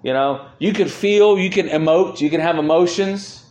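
A man's voice: on the high side, moderate pace, a little mellow. A man preaching a sermon as pastor, speaking earnestly and swelling with feeling when he reads scripture aloud. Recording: roomy echo.

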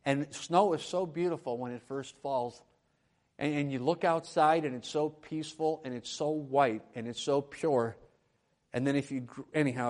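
At a church lectern, a man with a medium-pitched voice preaches a sermon, alternating between quiet, conversational asides and loud, emphatic proclamations. He is a pastor.

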